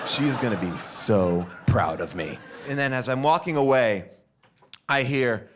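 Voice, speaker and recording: A man's voice: medium pitch, moderate pace, a bit bright. A man doing stand-up storytelling on a stage mic, acting out every character in his story. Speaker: stand-up comedian.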